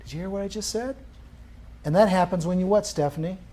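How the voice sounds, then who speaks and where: Male instructor teaching a live class, lively pitch, keeps asking the room questions. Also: fast talker. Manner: quizzing the class with questions, animated.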